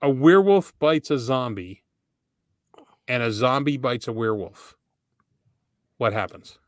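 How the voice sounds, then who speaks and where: A man's voice: medium pitch, animated, a little slow, no echo, studio quality. A man co-hosting a podcast, running an easygoing round of questions in casual chat. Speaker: podcast co-host asking questions.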